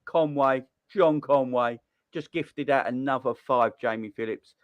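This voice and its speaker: A man hosting a football call-in live stream, excitable and slangy, laughing often between lines. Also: mid-range voice, a little slow, no echo, lo-fi sound. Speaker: host of a football call-in show. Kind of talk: casual live-stream chat.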